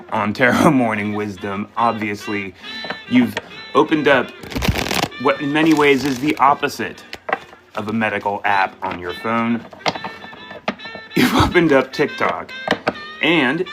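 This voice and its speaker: A man's voice: medium pitch, low-quality recording. Rambling man giving a live tarot reading. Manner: rambling, self-correcting, thinks aloud. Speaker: tarot reader and live-stream host.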